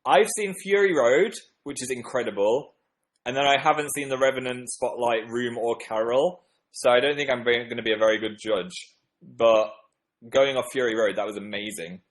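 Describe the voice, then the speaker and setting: On a casual livestream, a young host from the north of England works through viewer comments with a self-mocking, jokey, meandering style. He speaks at a normal speed in a medium-pitched voice, captured on a rough recording.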